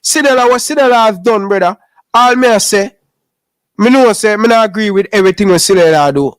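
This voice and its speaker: A Jamaican man talking sports on a podcast in a high, lively voice. He pushes his points hard and keeps saying "brother." The sound is dry and close, with no room around it. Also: a little fast, no room sound. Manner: animated, repeats "brother" often. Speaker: podcast co-host. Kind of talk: heated casual sports chat.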